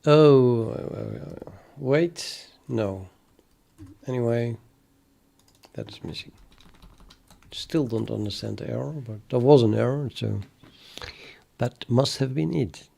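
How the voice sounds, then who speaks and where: A man thinking aloud while he codes live, chatting with viewers in a halting, muttering way that trails off mid-sentence. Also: mid-range voice, vocal fry, dark tone. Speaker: programmer streaming live development.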